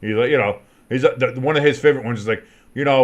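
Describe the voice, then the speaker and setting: A man's voice: mid-range voice, lively intonation, fast, a little mellow. A man co-hosting a casual sports podcast, playful and teasing, often slipping into goofy voices. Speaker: co-host.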